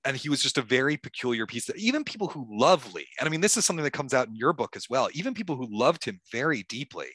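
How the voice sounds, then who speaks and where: A man being interviewed as an author, telling history in a lively conversational way with many fillers and restarts. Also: mid-range voice, fast, breathy edge, dry recording. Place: stage talk at a club event.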